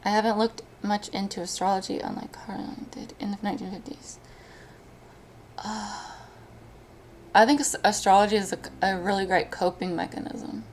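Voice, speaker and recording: A woman chats on her live stream, talking through something painful. Her speech comes haltingly, full of restarts and trailing thoughts, at a moderate everyday pitch. Faint noise hums behind her. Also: level tone. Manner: emotional, halting, frequent restarts. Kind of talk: casual live-stream chat.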